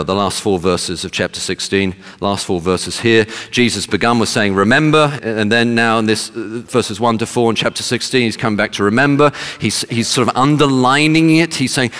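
A man's voice: on the low side, a bit bright, long reverb tail. A man preaching a sermon, emphatic and fond of rhetorical questions, speaking to a congregation.

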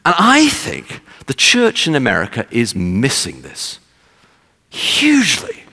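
A man's voice: medium pitch, wildly swooping pitch, slow pace, gravelly, pushed and bright, slightly rough, in a large hall. A man preaching a sermon, emphatic and fond of rhetorical questions, speaking to a congregation.

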